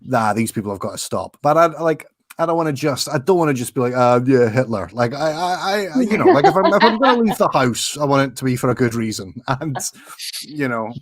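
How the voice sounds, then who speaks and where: Animated man rambling through a story. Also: a little high, brisk, no echo, clean studio sound. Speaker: co-host. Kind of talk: casual chat.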